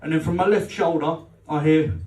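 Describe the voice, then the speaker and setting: Speaking a little fast in a slightly high, mellow, steady voice, a stand-up comedian performs on a club function room stage. He teases the crowd, curses, and dramatizes fights with his girlfriend; the live audio sounds roomy and distant.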